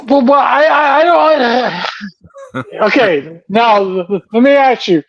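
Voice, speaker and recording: A man co-hosting a casual chat, animated and incredulous as he talks. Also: extremely high pitch, slow. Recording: dull lo-fi mic.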